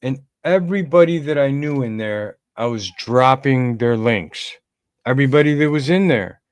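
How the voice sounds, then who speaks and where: A man's voice: mid-range voice, moderate pace, dry recording, studio quality. A man co-hosting a podcast livestream, rambling casually and greeting chat viewers by name. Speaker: podcast co-host.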